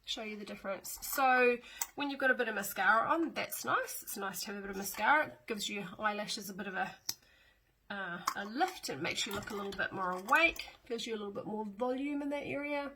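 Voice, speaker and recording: A woman's voice: medium pitch, brisk, sharp tone, slight background noise, poor audio. A middle-aged woman, chatting casually through a step-by-step makeup demo with fillers and small asides. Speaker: makeup tutorial host.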